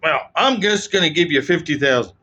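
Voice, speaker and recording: A man's voice: fairly high pitch, expressive, fairly quick, bright, forceful tone. A man voicing a domineering older male tycoon with a Texan accent, blunt and dismissive. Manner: bossy, dismissive.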